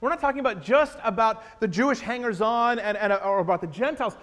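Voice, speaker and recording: A man preaches to his congregation in a church sanctuary, his voice sitting high for a man. He swings between loud, emphatic declarations and hushed, confiding asides. The sound carries the long reverb of a large hall, with a faint electrical hum underneath. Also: a little fast. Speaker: pastor. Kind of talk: sermon.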